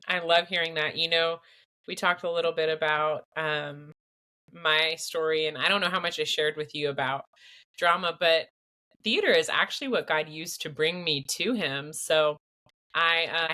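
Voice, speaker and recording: A young woman hosting a podcast, chatting in an expressive, storytelling way. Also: low-pitched, measured pace. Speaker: podcast host. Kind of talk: casual chat.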